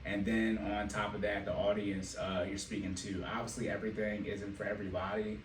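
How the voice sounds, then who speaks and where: A man hosting a casual podcast and working as a financial coach, telling animated stories and laughing often. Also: fairly low pitch, brisk. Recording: echoey room, mic at a distance, faint noise.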